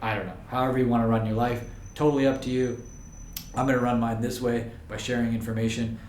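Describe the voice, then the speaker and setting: In a casual vlog, a man who owns a videography business rambles and jokes to the camera in an easygoing way. His mid-range, slightly mellow voice is flat and quick. Slight background noise and faint ambience come through in the roomy recording.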